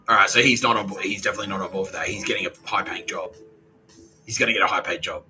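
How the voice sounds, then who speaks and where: A man's voice: fairly low pitch, steady tone, fast, sharp tone, soft background music, rough recording. Profane rambling Australian man. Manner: profane, rambling, acts out others' speech. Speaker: podcast host. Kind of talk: rambling monologue.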